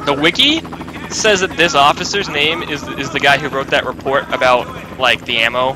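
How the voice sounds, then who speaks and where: A man's voice: medium pitch, normal speed, noisy background. A young man streaming a video game with a friend, chatting and joking. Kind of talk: let's play banter.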